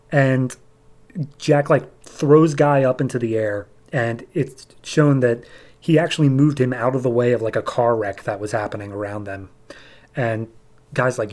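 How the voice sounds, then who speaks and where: A podcast host with a middling-pitched, somewhat dark male voice runs through a comic book recap. His delivery is loose and full of filler, and he hurries from one plot beat to the next.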